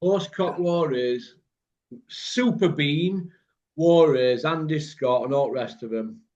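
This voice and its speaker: A man with a Birmingham accent hosting a casual online chat, blunt and rambling, quick to laugh. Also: on the high side, a little mellow. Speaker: host. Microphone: video call. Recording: muffled lo-fi video call audio.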